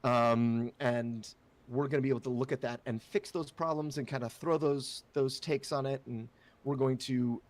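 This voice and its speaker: A man's voice: medium pitch, fairly even intonation, moderate pace. A man co-hosting a casual chat about a tabletop game, talking loosely with many fillers and restarts. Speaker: co-host and player.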